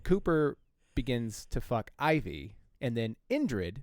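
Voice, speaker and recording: A man's voice: medium pitch, very animated, darkish tone, dry recording. Man hosting a dry podcast retelling. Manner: halting, with fillers and restarts; laughs often while telling. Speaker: podcast co-host. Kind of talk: casual chat retelling a book.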